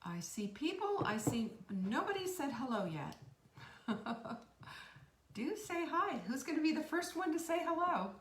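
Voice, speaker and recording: A woman's voice: high voice, sharp tone, distant mic. Lady chatting on a live stream, greeting folks by name, echoey room. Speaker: host.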